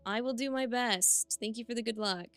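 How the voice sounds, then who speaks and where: A young woman streaming a game live, commenting in an excitable way, often yelling, swearing and laughing at the screen. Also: a little high, moderate pace, no echo, soft background music. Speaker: VTuber streamer.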